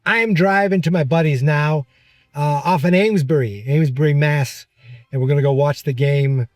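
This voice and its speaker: A man with a light New England accent talks in a chatty, rambling way, often stopping to correct himself. His voice sits a little high and sounds close and dry as he talks from inside his car. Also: moderate pace, a little mellow, no echo, soft background music. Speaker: podcast host. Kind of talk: casual vlog-style talk. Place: in a car while driving.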